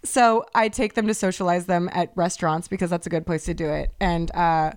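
A young woman co-hosting a podcast, telling a story in casual chat, animated and swearing freely. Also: lowish voice, fairly quick, clear, resonant tone. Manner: animated, swears freely, acts out voices in anecdotes. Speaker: podcast co-host.

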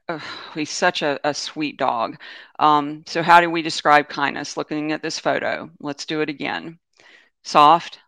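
A man with a slightly high, bright, forceful voice gives an informal webinar talk about animals, recorded dry. His stories wander, correct themselves, and lean heavily on fillers.

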